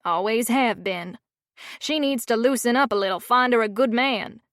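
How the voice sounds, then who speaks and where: A woman's voice: fairly high pitch, normal speed, fairly bright tone, no room sound, studio quality, natural voice. Woman reading as a feisty old grandma. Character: elderly Southern grandmother, feisty and unrepentant.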